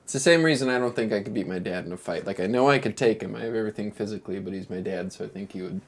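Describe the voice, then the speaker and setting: Rambling male game master, a bit low, loose live-stream recap. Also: rapid-fire. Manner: rambling, offhand, filler-heavy. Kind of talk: casual chat and game recap narration. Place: live-streamed tabletop session.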